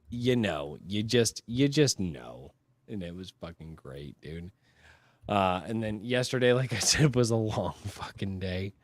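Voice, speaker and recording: Male podcast host, excitable storyteller with salty language, tired, dry close recording. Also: fairly low pitch, no echo. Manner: excitable storyteller, heavy swearing. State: tired from a long sleepless day. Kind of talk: casual chat.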